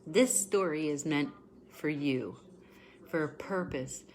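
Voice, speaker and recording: A woman's voice: sits low, slow pace, darkish tone. A woman in her forties giving an emotional, repetitive tarot reading on a livestream, greeting viewers by name as she talks. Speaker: tarot reader.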